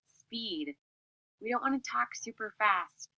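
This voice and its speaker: Female teacher, clear expressive lesson delivery, bright tone, dry close sound. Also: medium pitch, normal speed, dry recording, low-quality recording. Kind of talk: classroom lesson on public speaking.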